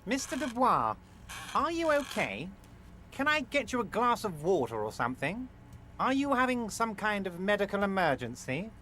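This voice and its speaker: Smooth, scheming union boss. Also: male voice, sits high, big pitch swings, moderate pace, pushed and bright, a little hiss or hum, heavily acted. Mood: ingratiating. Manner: smooth, patronizing, falsely reassuring. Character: jovial scheming heavyset male union boss. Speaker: video game character. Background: game music.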